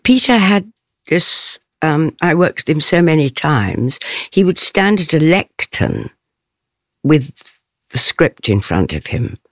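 An older stage actress giving an interview. She speaks in a thoughtful, measured way and laughs softly often. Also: sits low, sing-song, no echo, clean studio sound.

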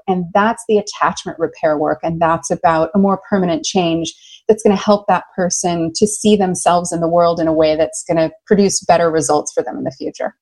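Enthusiastic American woman telling stories. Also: fairly low pitch. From United States. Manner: enthusiastic, animated, laughs easily. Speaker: love coach guest. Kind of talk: conversational interview storytelling.

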